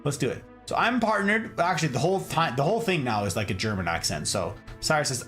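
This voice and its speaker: An American man in his thirties livestreams casually, reading out chat and bantering with viewers in a playful, joking way, sometimes slipping into mock German asides. He talks fast in a sing-song, medium-pitched, slightly bright voice with hardly any pauses, and faint music plays behind him.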